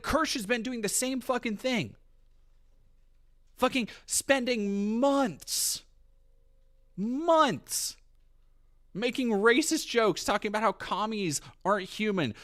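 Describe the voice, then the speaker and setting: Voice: mid-range voice, fairly bright tone. A streamer ranting heatedly and profanely on their stream. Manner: profane, heated, fast rant. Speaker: commentary streamer.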